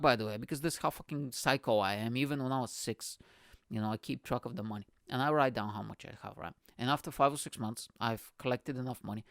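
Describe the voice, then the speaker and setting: A man's voice: medium pitch, animated, a little fast, fairly bright tone, no echo. A man, full of swearing and asides to the listener. He laughs at his own tale as he goes. The recording is close and dry. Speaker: comedian and podcast host. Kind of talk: storytelling monologue.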